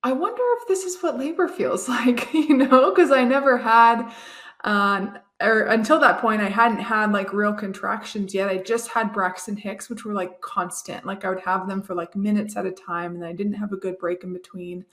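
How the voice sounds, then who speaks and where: A young woman, chatting in a relaxed way about a personal story, often laughing. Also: mid-range voice, normal speed. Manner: chatty, laughs often, acts out quoted voices. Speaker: guest, new mom. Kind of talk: casual storytelling.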